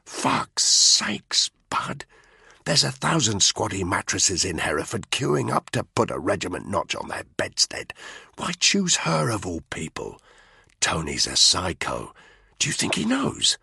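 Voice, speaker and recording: A male narrator voicing a blunt, steady soldier who speaks low, in an audiobook thriller. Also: unhurried, creaky, slightly rough, no echo, full character voice.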